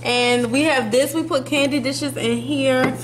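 Chatty upbeat high-voiced young woman. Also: steady tone, a little slow, background noise. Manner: upbeat, chatty, explaining plans. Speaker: vlogger. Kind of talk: casual chat to camera. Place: at home, indoors. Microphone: handheld camera.

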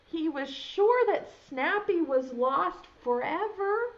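A young woman preschool teacher reads a picture book to little children, pausing to ask them questions. Her voice is high and swoops widely in pitch as she reads slowly. The recording sounds dull and lo-fi. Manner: animated, asks children questions. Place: home, video lesson.

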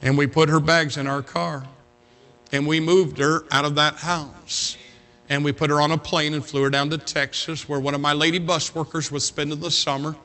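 A man pastor preaching a sermon through a dramatic story. His voice sits fairly high with a bright, forceful edge. He swings from loud urging to hushed telling. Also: flat delivery, normal speed. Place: church sanctuary.

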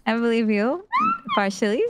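A woman's voice: fairly high pitch, lively intonation, moderate pace. A woman from the Netherlands chatting bluntly and teasingly while streaming a game, laughing often. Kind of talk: casual gaming chat. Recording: loud noisy stream audio.

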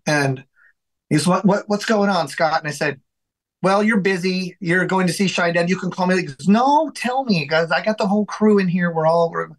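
A man with a slightly high voice tells a long personal story from his home studio. He acts out what other people said with lively energy. He keeps restarting his sentences and repeating words. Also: poor audio. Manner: animated storyteller who acts out quoted dialogue. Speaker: guest, singer and songwriter. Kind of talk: storytelling interview.

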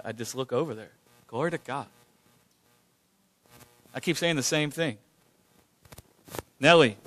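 A man hosts a church question-and-answer gathering, his voice sitting somewhat high. He talks in a fervent, informal way, circling back to the same phrases and praising God between points. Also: fairly bright tone. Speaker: church leader hosting a Q&A.

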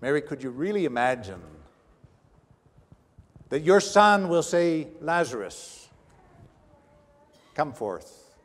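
A male pastor preaching a sermon with dramatic swings between hushed and raised delivery. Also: a little high, very animated, slow pace, long pauses. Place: church sanctuary. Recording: long church reverb.

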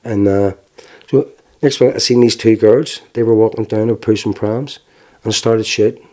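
Belfast man, 40s, interviewee; low, warm voice, frank and halting. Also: steady tone. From Northern Ireland. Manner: frank, plain-spoken storytelling with halting restarts. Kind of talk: personal testimony.

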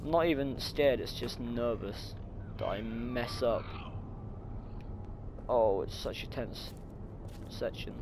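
A man's voice: medium pitch, takes it slowly, long pauses, background noise. A young man commenting on a horror game, muttering nervously to himself and breaking into sudden startled shrieks. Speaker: gaming channel host.

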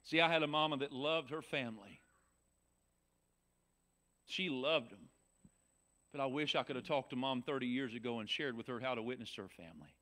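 Folksy Southern preacher man, bright voice. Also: normal speed, pauses often. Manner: swings from shouting to soft and low, folksy. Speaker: pastor. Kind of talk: sermon.

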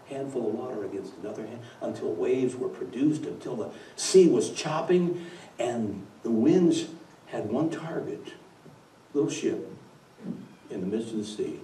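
A man preaching a dramatic storytelling sermon, swinging from hushed to loud, recorded in a church. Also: medium pitch, expressive, measured pace. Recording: echoey church from far off.

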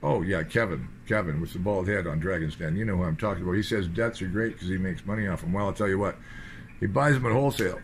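There's a little hiss or hum behind this low-voiced, quick-paced man. A political commentator from British Columbia, Canada, he offers a sardonic monologue that rambles along in loose fragments.

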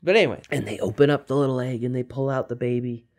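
Animated man telling kids a story. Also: medium pitch, quick pace. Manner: animated, quizzes young listeners. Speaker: children's storyteller. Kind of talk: retelling a film story for kids.

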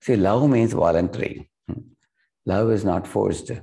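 Middle-aged Indian English speaker, spiritual teacher, deep mellow gravelly tone, storytelling lecture. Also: male voice, measured pace. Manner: earnest storytelling, acts out quoted characters with rising emotion.

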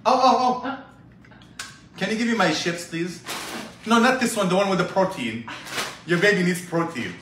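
A man's voice: sits high, animated, normal speed, pauses often, background noise. A man playing a whiny, demanding pregnant young wife in a comedy sketch who groans and keeps asking for things. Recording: echoey room.

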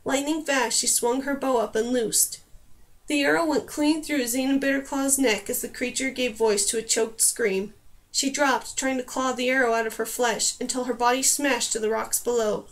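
A woman narrating a fantasy novel aloud as an audiobook, in a steady storytelling voice. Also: high voice, moderate pace.

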